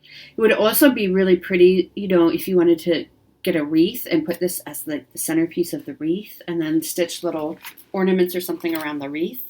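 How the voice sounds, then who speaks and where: Chatty woman with a lowish voice. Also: fairly even intonation, fairly quick, darkish tone. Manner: chatty, rambling, enthusiastic, many fillers. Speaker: craft channel host. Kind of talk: casual magazine flip-through chat.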